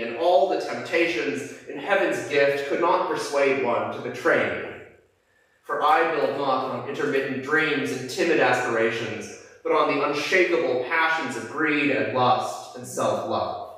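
A man preacher reading aloud the lines of a gloating male Satan, ruler of hell, in a steady voice. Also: mid-range voice, close to an everyday voice. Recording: echoey church from a distance.

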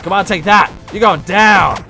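Man playing a gravelly hot-headed pirate fox. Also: high-pitched, moderate pace, over music. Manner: pirate talk, hot-tempered, loud outbursts. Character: brash male animatronic pirate fox. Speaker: let's play gamer in character.

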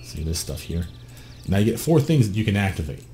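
A man's voice: low-pitched, big pitch swings, fairly quick, warm tone, soft background music. A man talking casually and bluntly through a game character build, swearing freely and asking the viewer questions. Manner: blunt, profane, conversational. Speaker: gameplay guide host.

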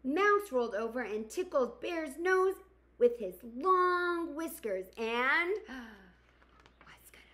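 A woman teacher reads a picture book aloud for young children. Her voice is bright and a bit high, rising and falling expressively. She takes her time and stops to ask her listeners questions. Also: sing-song, slow. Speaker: kindergarten teacher. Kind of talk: storybook read-aloud for children.

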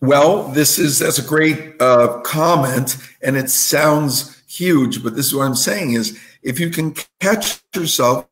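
A man's voice: on the high side, slow, hardly any pauses, fairly bright tone. A man speaking as an inspirational guest on a video call, telling stories and checking in with the listener. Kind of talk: motivational talk. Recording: roomy echo.

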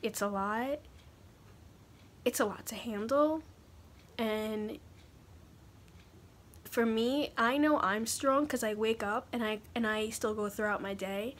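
A young woman talking haltingly in a personal confessional vlog, pausing often to collect her thoughts. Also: fairly high pitch. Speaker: vlogger.

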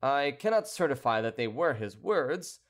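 A man voicing a sly, composed townsman who speaks politely and in a measured, teasing way. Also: mid-range voice, very animated, lightly acted.

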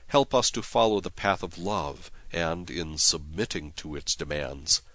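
A priest giving a solemn, measured devotional reading of prayers and scripture, with some prayers recited in Latin. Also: male voice, low-pitched, expressive, bright, forceful tone, no room sound.

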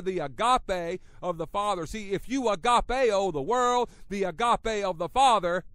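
A middle-aged man preaching a radio sermon, talking conversationally at times and at others building to loud, emphatic passages. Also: sits high, normal speed, no room sound.

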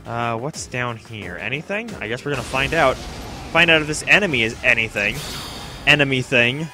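Over music, a young let's play commentator talks at normal speed in a mid-range voice. His casual, self-mocking commentary often turns to address the game's characters directly.

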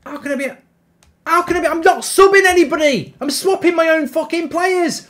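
A man commentating live as he plays a football video game, ranting and swearing loudly at it. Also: very high-pitched, a little fast, a little hiss or hum. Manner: loud swearing rants at the game. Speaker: football gaming streamer.

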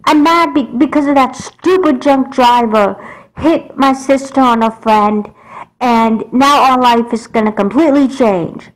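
A sulky teenage girl, voiced by a woman in a homemade doll movie, her lowish voice rising sharply when she gets angry. She talks back with a bitter, stubborn edge. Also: normal speed, lightly acted. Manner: sulky, raising her voice in anger. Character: teenage girl, upset and angry over twin.

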